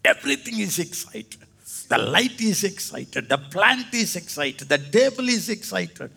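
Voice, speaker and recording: A man preaching a sermon in a slightly high, gravelly voice. He talks slowly, but his pitch swings widely and leaps up into excited cries. He speaks to his listeners as brothers. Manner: animated, jumps into high excited exclamations; addresses listeners as "Thambi" and "Anna".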